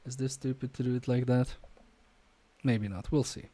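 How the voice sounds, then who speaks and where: A man streams an electronics repair live, muttering to himself and chatting with viewers while joking about his own mistakes in a self-deprecating way. His mid-range voice is mellow, fairly even in intonation, and moderately paced.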